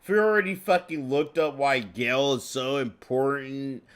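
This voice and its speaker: A man doing casual reaction commentary over a game stream, profane, excitable and rambling. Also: medium pitch, moderate pace, clear, resonant tone. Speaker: restream commentator.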